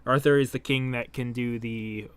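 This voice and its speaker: A man gives casual reaction commentary at an ordinary mid-range pitch. He rambles in a relaxed way and corrects himself mid-sentence. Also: moderate pace, clear, resonant tone, dry recording. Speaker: manga reaction video host.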